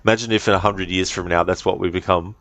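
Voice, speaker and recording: A man's voice: low voice, steady tone, quick pace, a bit bright, no echo. An Australian man chatting casually and rambling in a friendly way with viewers as a game streamer. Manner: rambling, friendly chat with fillers. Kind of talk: casual live-stream chat.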